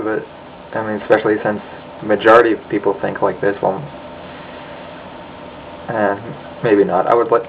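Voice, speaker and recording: A man's voice: on the low side, phone-quality sound, slight background noise. A young American man in a profane, angry rant to his webcam, sighing and swearing as he complains. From United States. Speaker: vlogger. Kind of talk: ranting monologue.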